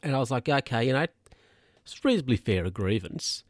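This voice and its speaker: A man's voice: medium pitch, expressive, brisk, no echo, clean studio sound. A man telling stories casually to camera as a vlogger, rambling and chatty. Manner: rambling, chatty, with mock-quoted voices.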